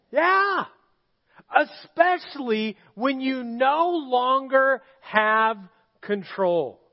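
A man's voice: extremely high pitch, highs cut off. A middle-aged male pastor preaching a sermon in a church auditorium, telling stories and asking the congregation questions. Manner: storytelling, asks the congregation questions.

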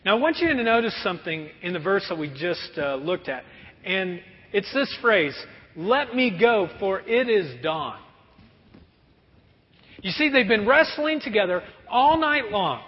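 A pastor preaching a sermon in a conversational, animated way. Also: male voice, sits high, moderate pace. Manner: animated, conversational, acts out prayers. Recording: dull recording with long hall reverb.

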